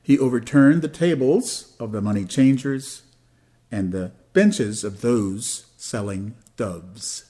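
A man who is a church's senior minister speaks in a plain, mid-pitched voice, measured and prayerful when reading scripture. In conversation he turns loose and hesitant, with frequent "uh" fillers. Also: dark tone, slightly rough. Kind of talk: sermon and podcast chat.

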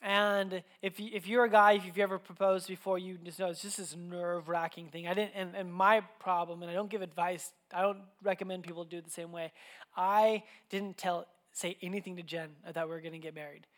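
A young man preaching a sermon, telling personal stories in an animated, conversational way with frequent restarts. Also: high voice, fairly quick.

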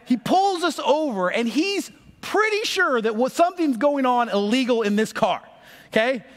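A man in his thirties, a pastor telling a story in a sermon, animated and acting out the voices of the people in it. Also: extremely high pitch, normal speed. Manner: animated, acts out voices in stories. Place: church sanctuary. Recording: long reverb of a large hall.

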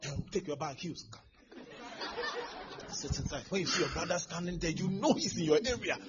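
A man preaching a sermon as pastor, swinging from hushed asides to shouting. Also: on the high side, lively intonation, moderate pace, music in the background. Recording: dull lo-fi sermon recording.

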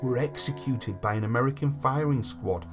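A man's voice: mid-range voice, moderate pace, music in the background. A man hosting a podcast, reading history notes aloud and then chatting loosely with fillers. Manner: reads long passages, then chats with fillers like "like" and "you know". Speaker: podcast host. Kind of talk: reading history notes between casual chat.

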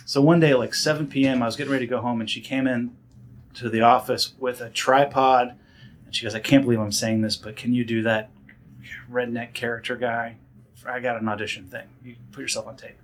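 A man in a casual interview, telling stories from his career at an animated pace. He fills his talk with "um" and "like", restarts his sentences, and often jumps into other people's voices. His pitch sits in a plain middle range. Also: a little fast. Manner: animated storyteller, many fillers and restarts, acts out voices. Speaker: guest, director and actor.

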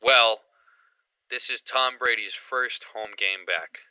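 Bright-voiced excitable sports podcast guy. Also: mid-range voice, takes it slowly, smooth, no room sound, dull audio. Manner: excited, rambling, with many fillers. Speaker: podcast co-host. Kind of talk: casual sports chat.

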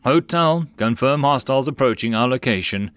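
A man's voice: mid-range voice, lively intonation, normal speed, a bit bright, no echo, clean studio sound, natural voice. A man voicing a curt male radio operator at base, answering in clipped procedure.

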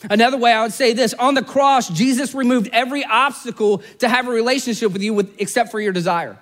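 Pastor, male, high voice, earnest and conversational. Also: fairly even intonation, fast, hardly any pauses, a bit bright. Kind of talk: sermon.

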